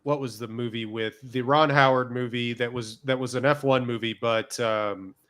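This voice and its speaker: Bright-voiced rambling podcast guy. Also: mid-range voice, steady tone, moderate pace. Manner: rambling, searching for words. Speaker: podcast co-host. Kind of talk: casual chat.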